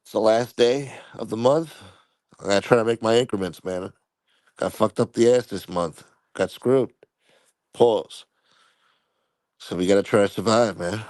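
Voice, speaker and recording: A man's voice: lowish voice, a little mellow, no echo. A man hosting a casual live stream, answering viewer comments in a profane, rambling, blunt way.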